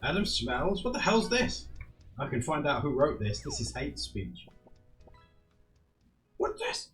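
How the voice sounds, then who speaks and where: A man streaming live, chatting casually and excitably with his viewers and laughing often. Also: on the high side, a little slow, soft background music. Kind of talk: casual live-stream chat while drawing.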